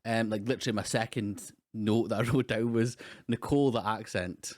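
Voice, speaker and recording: A man co-hosting a film podcast, talking in a hesitant, measured way with lots of fillers. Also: lowish voice, fairly even intonation, a little mellow. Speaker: podcast co-host. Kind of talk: casual film discussion.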